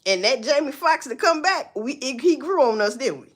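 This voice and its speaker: A woman's voice: sits high, expressive, normal speed. A woman hosting a livestream, ranting bluntly and profanely with rhetorical questions. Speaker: livestream host. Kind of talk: casual livestream commentary.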